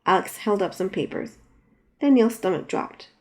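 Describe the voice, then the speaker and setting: A woman reads her own novel aloud at an ordinary middle pitch. She narrates plainly and raises her voice sharply for the characters' quarrels. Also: animated, normal speed, a little mellow. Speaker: author reading her own book. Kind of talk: audiobook narration.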